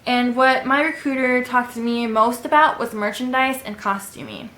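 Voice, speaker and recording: A young woman in her twenties talks through casual tips to camera in a slightly high voice. She rambles chattily, filling gaps with ums. The room around her sounds echoey. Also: normal speed, bright, forceful tone. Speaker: vlogger. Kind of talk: casual advice vlog.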